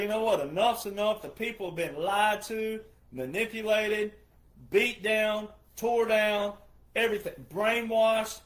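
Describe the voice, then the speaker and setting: A man's voice: sits high, a bit bright. A man who is a retired veteran, giving an emphatic monologue full of repetition and rhetorical questions. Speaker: retired military veteran commentator.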